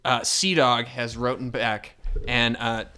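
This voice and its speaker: A man's voice: mid-range voice, little pitch movement, takes it slowly, sharp tone, clear, resonant tone. A young man co-hosting a casual podcast, dropping dry, wry asides and reading listener mail. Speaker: podcast co-host. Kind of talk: casual chat. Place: shared room with co-hosts.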